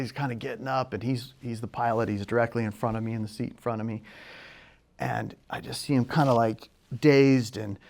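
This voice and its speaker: A young man telling a personal story, moving from hushed and quiet to loud and excited. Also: medium pitch, gravelly. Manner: quiet and hushed in places, then loud and excited, acting out shouts.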